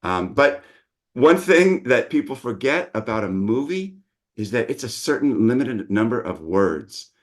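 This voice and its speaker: A man's voice: medium pitch, very animated, unhurried. A middle-aged man, a dialect coach, patiently explaining his teaching methods in an interview.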